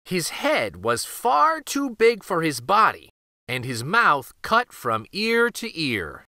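A man hosting a children's read-aloud channel, reading a picture book in an expressive, lively storytelling way. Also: fairly high pitch, slow pace, no room sound, studio quality.

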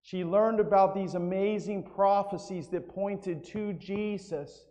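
Man, pastor, storytelling sermon, fairly high voice, long church reverb. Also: fairly even intonation, takes it slowly, mellow. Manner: storytelling with frequent "right?" asides. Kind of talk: evangelistic sermon. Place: church sanctuary.

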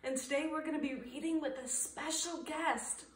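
A woman preschool teacher reading a storybook aloud to children with animated, expressive storytelling. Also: high voice, moderate pace, reverberant, distant mic.

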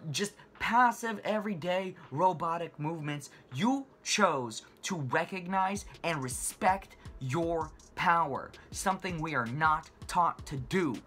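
A man's voice: on the high side, slow pace, hardly any pauses, fairly bright tone, soft background music. A man hosting his own channel, delivering a passionate, emphatic rant to camera and repeating phrases for stress. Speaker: finance channel host. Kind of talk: impassioned money rant to camera.

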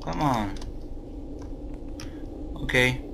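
Slow-talking man narrating a game. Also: medium pitch, animated, creaky, background noise. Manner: jumpy, swearing, talking to his teddy. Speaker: gaming video host. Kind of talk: let's play commentary.

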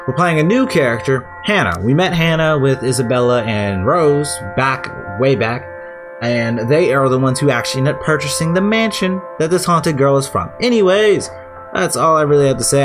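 Irreverent, rambling male gamer. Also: medium pitch. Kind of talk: casual let's-play commentary.

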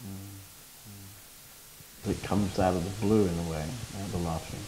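A man, a spiritual teacher, reflecting calmly and in measured phrases during a conversation. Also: low-pitched, low-quality recording.

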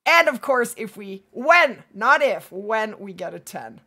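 A woman streamer chats with her viewers while playing, upbeat and quick to laugh, her voice hoarse after a long week of streaming. Her tone is bright and crisp, and her pitch swings widely, jumping high when she gets excited and dropping low when she goes quiet to aim. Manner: upbeat, chatty, reads chat aloud, quick to laugh. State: losing her voice. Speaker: livestream gaming host. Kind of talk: casual livestream chat while playing.

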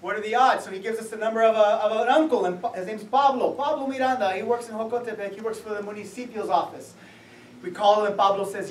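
A man's voice: sits high, fairly even intonation, fast, a little hiss or hum. A man, an author, giving a public talk in a museum event space and telling his story with laughs, acting out the people in it. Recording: echoey room, mic from far off.

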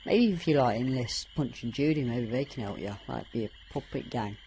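A woman's voice: rumbling low, animated, fairly quick, mellow, a little hiss or hum. A woman commenting casually on a game playthrough, chatty and rambling, her voice a little strained. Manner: chatty, rambling, with many fillers. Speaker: gameplay commentator.

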